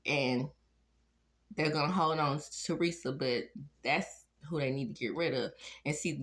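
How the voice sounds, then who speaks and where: A woman with a notably low, deep voice recaps a reality show in a loose, chatty way. She is frank and opinionated, and calls out who she thinks should go.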